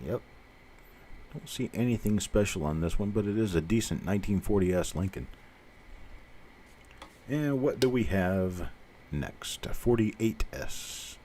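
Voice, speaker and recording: An older man with a somewhat low voice hosts a live stream in a loose, folksy chat. He rambles from one story to the next and drops a corny joke now and then. He talks plainly and reassuringly to his viewers. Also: animated, measured pace, pauses often, warm tone, slight background noise. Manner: folksy, rambling storyteller who cracks jokes. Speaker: host of a live coin roll hunting show.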